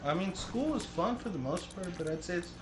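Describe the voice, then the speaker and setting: A man's voice: high-pitched, expressive, a little fast, echoey room, noisy background. A man in his early twenties chatting casually, telling rambling stories and swearing freely. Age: 20s. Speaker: streamer. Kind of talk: casual chat.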